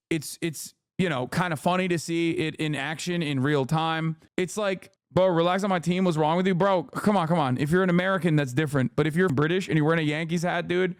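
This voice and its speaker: A man's voice: high-pitched, no room sound, clean studio sound. A man streaming, reacting to news clips in casual, blunt, slangy commentary. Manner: blunt, profane, slangy, lectures chat.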